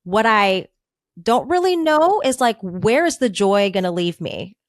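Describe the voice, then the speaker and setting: A woman's voice: mid-range voice, expressive, unhurried, dry recording, clean studio sound. Earnest woman coach telling her story. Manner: earnest, reflective storytelling with frequent "like". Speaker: career transition coach. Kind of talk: casual podcast interview.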